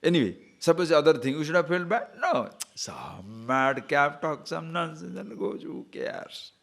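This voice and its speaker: A man, a spiritual teacher, giving an animated lecture on scripture and acting out little scenes of quoted speech. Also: on the high side, moderate pace, creaky. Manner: animated, acts out quoted speech, chuckles at own stories.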